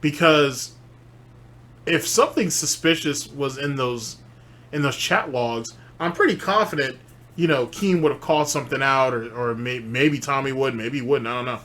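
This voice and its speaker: A male host talks through his thoughts on a clip in an ordinary middle-pitched voice. He muses aloud and circles back with restarts and filler words. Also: normal speed, fairly bright tone. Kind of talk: reaction commentary.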